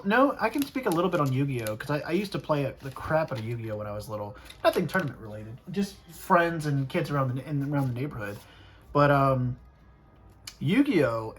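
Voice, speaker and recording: A vlogger chatting casually while opening trading cards, rambling with frequent restarts and animated asides. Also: mid-range voice. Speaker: card-collecting vlogger.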